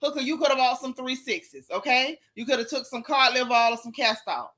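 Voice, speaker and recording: Sassy lady dishing on reality tv, bright kinda high voice. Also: brisk. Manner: sassy, animated, reads chat aloud. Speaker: show recap host. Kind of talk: casual gossip commentary.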